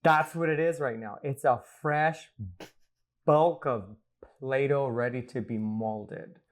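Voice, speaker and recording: A man's voice: medium pitch, slow. A man, a guest astrologer, talking playfully in a rambling, casual podcast chat recorded at home. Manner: playful, rambling, laughs often.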